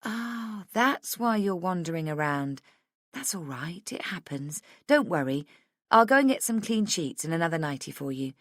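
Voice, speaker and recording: A woman voicing a kind, caring female nurse in an audiobook, reassuring and brisk. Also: fairly low pitch, lively intonation, no room sound, studio quality. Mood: kindly. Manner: bright, kindly reassuring. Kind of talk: audiobook dialogue.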